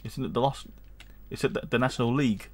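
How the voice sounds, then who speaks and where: A fast-talking man with a medium-pitched voice hosts a gaming channel and does casual let's-play commentary. He reads on-screen game text aloud, wanders off on tangents, and hums and chuckles throughout, with a slight hiss or hum in the background.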